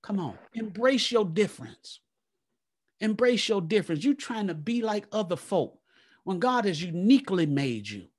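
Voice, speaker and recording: A man preaching a live church sermon, fervent and repetitive, praying aloud between points and swinging from a low murmur to loud exclaims. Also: very animated, normal speed. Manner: fervent, repeats "come on now" and "glory to God". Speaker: pastor.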